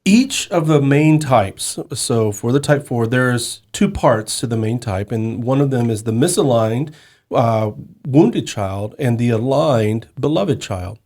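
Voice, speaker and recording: A man co-hosting a podcast, explaining in a measured way with some restarts. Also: medium pitch, lively intonation, darkish tone. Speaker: podcast co-host.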